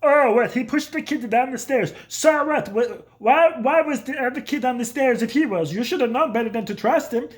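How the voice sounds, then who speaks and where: A man playing his own hot-tempered, swearing father, yelling in exasperation. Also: very high-pitched, moderate pace, few pauses, pitched above the performer's own voice. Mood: ranting.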